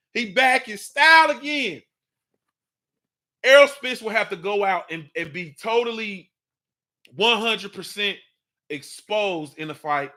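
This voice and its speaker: Animated, slang-heavy male morning show host. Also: high voice. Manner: animated, slangy, repeats "you understand what I'm saying". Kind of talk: casual boxing talk monologue.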